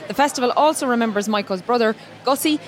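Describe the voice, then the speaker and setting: A woman's voice: on the high side, fast talker. A woman from Galway with an Irish accent, co-hosting a radio show in a friendly, playful way. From Ireland, Galway. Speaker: radio co-host. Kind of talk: casual radio chat.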